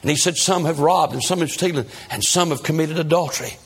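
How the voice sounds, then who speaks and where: A man's voice: on the high side, quick pace, breathy edge. A man voicing a weeping woman who is ashamed and frightened, in a told sermon story. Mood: distraught. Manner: distraught, pleading.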